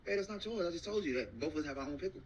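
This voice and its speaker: A man chatting and joking loudly on a casual livestream. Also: on the high side, lively intonation, rapid-fire, highs cut off.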